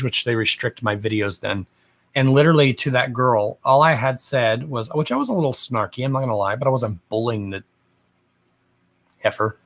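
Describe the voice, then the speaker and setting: A man's voice: medium pitch, a bit bright. A man hosting a live stream as a psychic medium, chatting casually from home in a sassy, gossipy way, cussing freely and calling his viewers darling.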